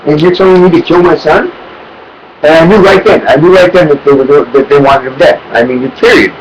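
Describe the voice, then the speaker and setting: A man's voice: fairly high pitch, fairly quick, slight background noise, low-quality recording. A man telling a personal story to his webcam in a rambling, urgent way, swearing often and repeating himself. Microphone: webcam microphone.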